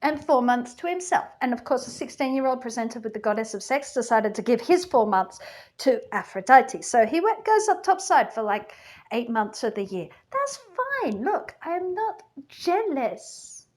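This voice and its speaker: A woman's voice: on the high side, big pitch swings, moderate pace, a little mellow. A woman playing a flippant, gossipy goddess queen of the underworld in a chatty comic monologue full of "like" and "you know".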